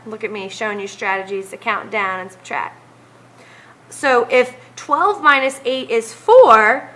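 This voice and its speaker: A woman teacher talks through math homework at an unhurried pace, counting down numbers aloud as she works each problem. Her voice sits a little high and sounds bright and clear. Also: low-quality recording.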